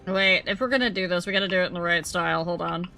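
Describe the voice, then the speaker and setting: A woman's voice: on the low side, fast, vocal fry, sharp tone, faint music behind. A young woman streamer chatting casually with her viewers during a game, giggly and chatty. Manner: chatty and giggly, talks to chat.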